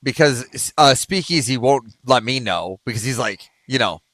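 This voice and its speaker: A man's voice: medium pitch, animated, moderate pace, fairly bright tone, dry recording, clean studio sound. A man co-hosting a casual livestream, chatting in an easygoing way and chuckling often.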